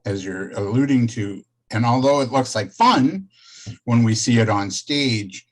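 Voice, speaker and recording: A man's voice: medium pitch, animated, unhurried. A man in a conversational interview who affirms what the other speaker says, adds his own thoughts and hands questions back.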